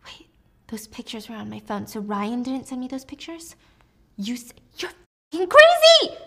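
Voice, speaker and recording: A woman voicing a desperate young woman who pleads and begs in a high, shaky voice. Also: steady tone, normal speed, gravelly. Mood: panicked. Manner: tearful, begging, shrill.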